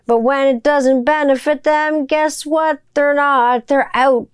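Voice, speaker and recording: A woman's voice: sits high, unhurried, hardly any pauses, dry recording, clean studio sound. Blunt, swearing woman podcast host. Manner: blunt, swears a lot, rhetorical questions. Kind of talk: profane ranting monologue.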